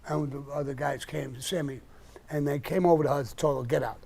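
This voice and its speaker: A man's voice: on the high side, steady tone, brisk, a little mellow. An older man, hosting a live stream and telling blunt, profane stories in a casual way. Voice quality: gravelly. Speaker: live-stream host answering questions. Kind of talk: casual storytelling.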